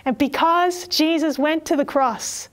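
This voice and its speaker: A woman preaching a sermon, reading scripture and telling stories in an earnest, expressive way. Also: sits high, a little slow.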